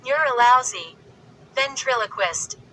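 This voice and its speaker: A woman's voice: on the high side, animated, measured pace, slight background noise, rough recording. A woman reading as an impatient, jumpy girl. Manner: sharp, impatient. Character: nervous, impatient girl, an older sister's sibling. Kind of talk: audiobook reading.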